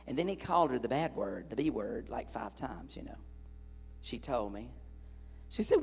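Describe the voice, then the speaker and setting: A man preaching a sermon in a large church hall, an animated, joking storyteller speaking into a stage microphone. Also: medium pitch, normal speed, creaky, breathy edge.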